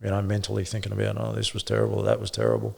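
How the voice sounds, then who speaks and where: A middle-aged man, a former police officer, telling his story in an interview with blunt swearing and halting restarts. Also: lowish voice, completely flat delivery, vocal fry. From Australia.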